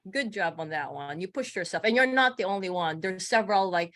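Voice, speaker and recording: A woman's voice: mid-range voice, lively intonation, fairly quick, a bit bright, no room sound. A woman swim coach hosting an interview on a video call, chatty and full of fillers. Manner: chatty, lots of fillers like "you know" and "like". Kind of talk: casual interview chat.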